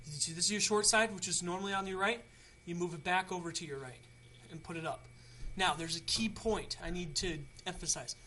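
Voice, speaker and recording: Bright-voiced young man, chatty tutorial. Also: high-pitched, brisk, few pauses, a little hiss or hum. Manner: rambling, chatty, many restarts. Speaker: tutorial host. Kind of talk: casual how-to video.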